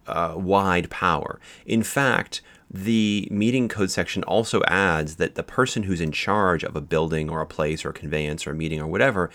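A man gives a recorded law lecture. His voice sits very low and gravelly, and he explains patiently, pausing on fillers and restarting phrases. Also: fairly bright tone. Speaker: law instructor.

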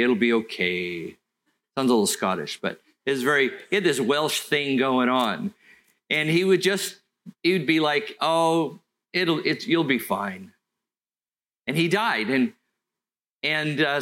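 A middle-aged man, preaching a sermon in an earnest storytelling way that slows for emphasis. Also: medium pitch, fairly bright tone. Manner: earnest, storytelling, with slow deliberate stretches. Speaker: pastor.

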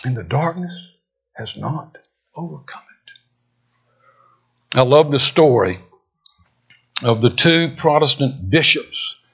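A male preacher delivering a dramatic sermon, swinging from loud emphatic peaks down to hushed near-whispers. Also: fairly high pitch, slightly rough. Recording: dull lo-fi sound.

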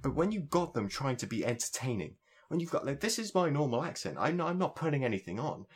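A man's voice: mid-range voice, big pitch swings, quick pace, breathy edge. A young man from southeast England with a southern English accent, co-hosting a casual podcast chat, swearing freely and ranting in fits and starts. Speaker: podcast co-host.

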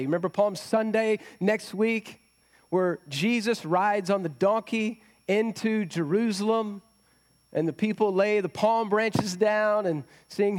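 Man, pastor, sermon, conversational, rhetorical questions, high-pitched. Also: unhurried.

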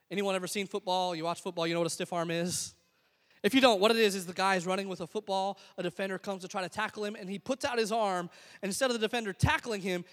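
A man's voice: high voice, a bit bright, big-room sound. A man preaching a sermon as pastor, telling stories in a conversational way and acting out what people said. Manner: conversational storytelling with acted-out quotes.

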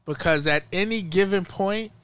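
A man's voice: high voice, moderate pace, clean tone, no echo. A man co-hosting a podcast in casual chat, acting out quoted people in a raised voice. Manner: animated, acts out quoted women in a raised voice. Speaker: podcast co-host.

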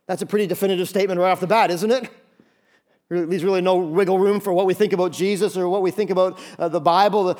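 Preaching man with a raised pitch. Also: steady tone, fast talker. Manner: reads scripture then prays softly and preaches with rising emphasis. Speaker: pastor. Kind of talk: sermon.

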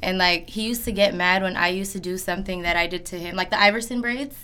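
A woman's voice: on the low side, steady tone, fast, sharp tone, slight background noise. A young woman barber chatting casually, slangy and swearing freely. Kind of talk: casual chat.

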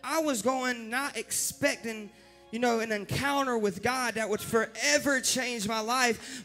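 A young man preaching his personal testimony in an earnest manner that builds to impassioned shouting. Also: very high voice, normal speed. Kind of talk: testimony sermon. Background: faint instrumental music.

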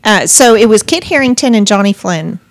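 A woman's voice: medium pitch, lively intonation, normal speed. A woman co-hosting a podcast, recounting her thoughts in a loose, rambling way full of fillers. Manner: rambling storyteller with many fillers. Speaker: podcast co-host. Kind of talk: casual chat about audiobooks.

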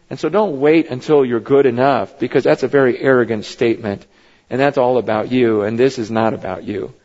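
A male pastor preaching a sermon in a church, talking casually with his congregation and climbing to high, emphatic peaks. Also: fairly even intonation, fairly quick, a little mellow. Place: church sanctuary. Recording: dull sound with long hall reverb.

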